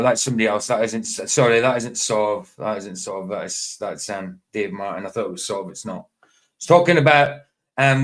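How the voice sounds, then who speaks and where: A man's voice: fairly low pitch, rough recording. Rambling man hosting a livestream. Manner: rambling, laughs often, self-interrupting. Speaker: livestream host. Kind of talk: casual livestream chat. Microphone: streaming setup.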